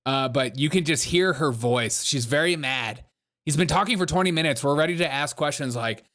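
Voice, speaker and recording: A man's voice: a little high, normal speed, a bit bright. A man hosting a comedic political commentary show, mocking and joking as he laughs along. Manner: jokey, mocking, laughs often.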